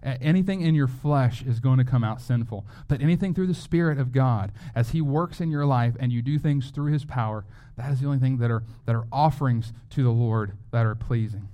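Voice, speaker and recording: A man's voice: mid-range voice, brisk, few pauses, warm tone. A man preaching a sermon as a pastor, in a conversational way, often asking rhetorical questions.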